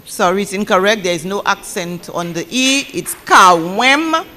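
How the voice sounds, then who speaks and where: A woman's voice: mid-range voice, normal speed, fairly bright tone. A woman acting as pronouncer at a spelling bee, saying each word twice and spelling out corrections letter by letter. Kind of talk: competition announcing.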